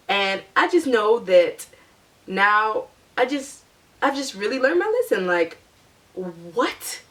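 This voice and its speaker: A young adult woman telling a personal story to her viewers in a chatty, animated way, with lots of "like". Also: mid-range voice, takes it slowly, far from the mic. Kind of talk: casual storytime monologue.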